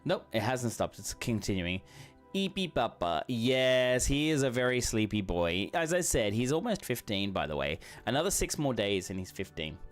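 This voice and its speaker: A man streaming a game, talking casually and rambling warmly, with lots of fillers and restarts. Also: mid-range voice, sing-song, moderate pace. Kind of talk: casual chat while streaming. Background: faint background music.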